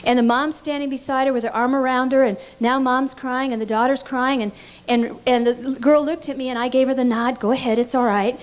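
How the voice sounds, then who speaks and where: A woman with a voice a little higher than most speaks earnestly at a pastors' conference. She teaches through heartfelt stories and often stumbles on repeated words as she goes. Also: fairly even intonation, brisk. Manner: earnest storytelling with frequent stammered repeats.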